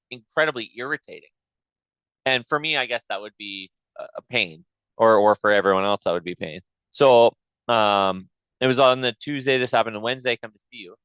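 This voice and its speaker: Podcast host guy, cussing a lot, bright crisp voice, kinda dull lo-fi sound. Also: mid-range voice, dry recording. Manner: profane, animated retelling with quoted back-and-forth. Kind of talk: casual storytelling chat.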